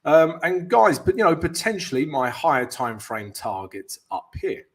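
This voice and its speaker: A man's voice: a little high, big pitch swings, moderate pace, fairly bright tone, breathy edge. A man hosting a live forex stream, chatting loosely with viewers, greeting them and walking through his charts. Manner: chatty, loose, keeps calling viewers "guys", light jokes. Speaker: forex trading coach and live stream host.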